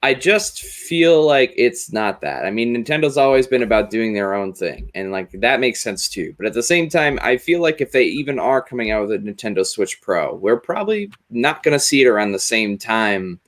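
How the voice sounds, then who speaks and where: A man hosting a casual gaming podcast, thinking out loud in a rambling way, full of "like" and "you know". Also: medium pitch, lively intonation, normal speed, few pauses. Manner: thoughtful, rambling, with many fillers like "like" and "you know". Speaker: podcast host. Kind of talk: casual chat.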